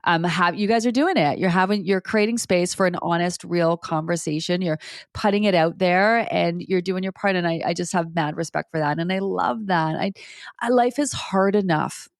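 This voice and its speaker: A woman in her forties talks as a podcast guest, blunt and salty, with a lowish voice. She tells personal stories in an animated way, often restarting her sentences. The sound is dry and close. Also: normal speed, no echo. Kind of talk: candid conversational storytelling.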